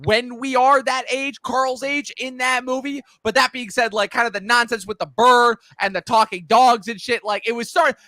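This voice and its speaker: A man hosts a relaxed movie chat in a high, bright voice. He states his opinions firmly and with emphasis. The recording is dry and close. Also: moderate pace, hardly any pauses, no echo. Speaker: podcast host. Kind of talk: casual chat.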